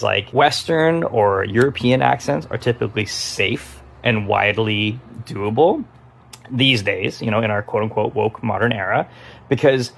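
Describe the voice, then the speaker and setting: Man, from Taiwan, improv teacher, gravelly, mid-pitched, candid casual talk. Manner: casual, frank, lots of fillers. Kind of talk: opinionated talk to camera.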